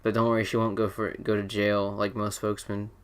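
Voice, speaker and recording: A man's voice: lowish voice, monotone, a little fast. Rambling, jokey young male host. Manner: rambling, jokey, many fillers and restarts. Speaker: podcast host. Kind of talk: casual chat.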